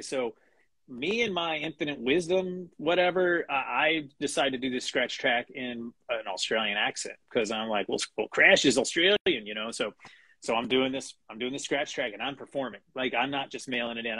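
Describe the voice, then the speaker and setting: Husky-voiced man, halting casual talk. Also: mid-range voice, pushed and bright, no echo. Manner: halting, many restarts and fillers, chuckling. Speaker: guest, animation writer. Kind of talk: casual interview chat.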